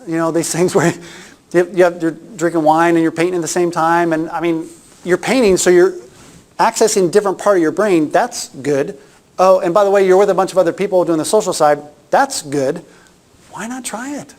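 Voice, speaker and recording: A man's voice: high voice, fairly quick, a little mellow. A middle-aged man giving a casual workshop talk, chatty and anecdotal, often restarting his sentences. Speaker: workshop presenter.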